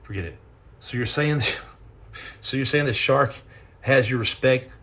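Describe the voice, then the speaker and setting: A man's voice: medium pitch, measured pace, fairly bright tone. A middle-aged man hosting a casual live chat and answering questions, telling rambling, jokey stories with many restarts and repeated words.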